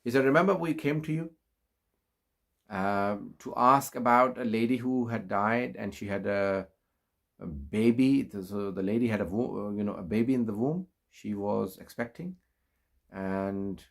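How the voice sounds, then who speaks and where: A middle-aged man preaching, telling a religious story slowly with many fillers and rising emphasis. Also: vocal fry. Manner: unhurried, many fillers, rises in pitch for emphasis. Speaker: Islamic preacher. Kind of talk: storytelling sermon.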